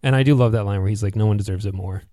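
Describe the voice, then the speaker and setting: A man co-hosting a podcast in a casual chat, animated and acting out characters' lines as he recaps. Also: lowish voice, racing, no room sound, clean studio sound. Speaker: podcast co-host.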